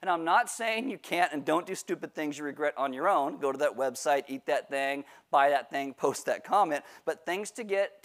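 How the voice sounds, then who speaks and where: A male pastor giving a sermon, telling a self-mocking personal story in a joking way. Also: on the high side. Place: church livestream.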